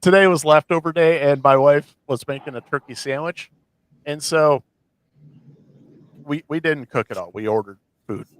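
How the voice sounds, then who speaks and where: A man's voice: on the high side, normal speed, no echo, poor audio. Male podcast host, casual and rambling, dry close-miked sound. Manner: rambling, many fillers and restarts. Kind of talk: casual chat.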